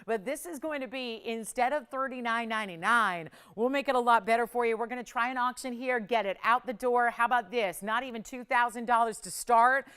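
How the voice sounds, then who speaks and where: Upbeat middle-aged woman selling jewelry live, kinda high voice, super smooth, chatty. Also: fairly quick, hardly any pauses, a bit bright. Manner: chatty, upbeat, with bursts of laughter. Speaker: shopping channel host. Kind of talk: live jewelry sales pitch.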